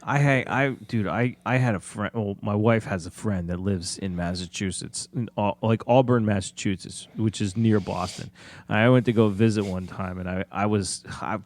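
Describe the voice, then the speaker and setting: A man's voice: fairly low pitch, normal speed. A man with a South Jersey Philly accent co-hosting a casual movie chat, telling rambling stories with many restarts. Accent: South Jersey/Philadelphia. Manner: rambling, stumbles and restarts, storytelling. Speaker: podcast co-host.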